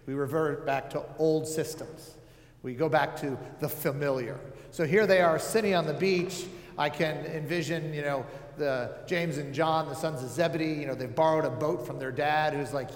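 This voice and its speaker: A man preaches in a relaxed, talky way, full of fillers and wry asides. His voice sits a little high for a man. The sound carries a roomy, echoing tail, as if recorded in a large hall. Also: normal speed. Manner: casual, joking asides, many fillers. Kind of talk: conversational sermon. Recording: echoey hall with long reverb.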